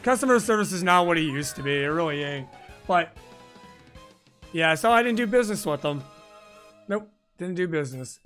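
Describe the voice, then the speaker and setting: A man with a high, bright voice chats casually while hosting a gaming stream, rambling and swearing freely. He speaks close to a boom-arm microphone at his home desk. Faint game music plays behind him. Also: animated, moderate pace, pauses often. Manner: rambling, profane, frequent "like" fillers. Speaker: live-stream gaming host.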